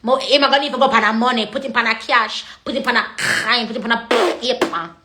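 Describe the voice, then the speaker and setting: A woman's voice: fairly high pitch, fast talker, reverberant, heavy background noise. A young woman with a Jamaican accent, chatting casually to viewers on a livestream from her phone and slipping into patois. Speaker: livestream host.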